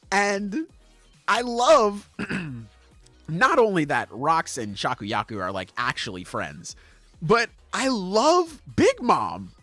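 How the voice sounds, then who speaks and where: A man co-hosting a podcast, recapping a manga chapter in casual chat, swearing freely and acting out the characters in quick voices. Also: high-pitched, wildly swooping pitch, sharp tone, faint music behind. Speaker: podcast co-host.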